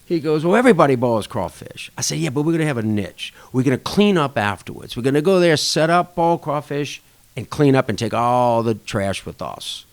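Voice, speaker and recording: Speaking briskly, the man recounts a lively tale as a guest on a casual storytelling podcast, where he chairs a restaurant association. He performs the dialogue with changing pitch, keeping the anecdote animated.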